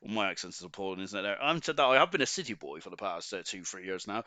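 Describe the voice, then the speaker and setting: Bright-voiced Forest of Dean man commentating. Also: on the low side, sing-song, dry recording. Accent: Forest of Dean (Gloucestershire) English. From Forest of Dean, England. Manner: chatty, halting, full of ums and restarts. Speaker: sim racing league commentator. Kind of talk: live stream race commentary, reading chat.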